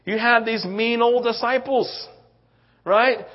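A man's voice: extremely high pitch, slow. A male pastor preaching a conversational sermon in a church, telling stories with frequent "right?" asides. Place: church sanctuary. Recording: muffled lo-fi sound.

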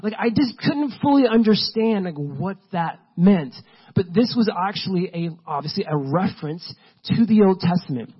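A man's voice: high-pitched, lively intonation, moderate pace, husky, muffled recording. A man preaching a sermon in a casual, conversational way, full of fillers. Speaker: pastor.

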